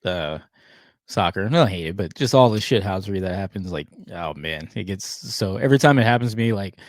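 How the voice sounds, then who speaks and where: A man co-hosts a podcast and chimes in with laid-back, joking remarks. His voice is low and gravelly. The sound is dry, with no room echo. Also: lively intonation, a little fast. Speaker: podcast co-host. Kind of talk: casual chat.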